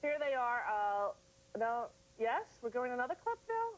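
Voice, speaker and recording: A middle-aged woman hosting a studio talk show, playful and animated, slipping into silly voices. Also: a little high, normal speed, rough recording.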